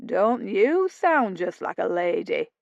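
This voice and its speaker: A woman's voice: fairly low pitch, big pitch swings, slow, vocal fry, dry recording, full character voice. A woman reading an audiobook, voicing a mocking, sardonic roguish man with a drawling sarcasm. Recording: dull dry lo-fi studio read.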